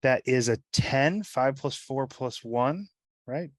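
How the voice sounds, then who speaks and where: A man's voice: mid-range voice, slow, dry recording. Rambling man player at a game table. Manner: rambling, with many fillers like "like" and "right?". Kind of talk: casual chat describing his character's actions.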